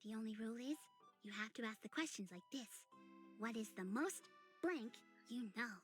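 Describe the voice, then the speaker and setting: Woman doing whimsical odd young hostess, rambling, jumpy pitch, slightly high voice, game voice acting. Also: expressive, normal speed, faint music behind, close to an everyday voice. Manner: dreamy, rambling, sudden leaps in pitch.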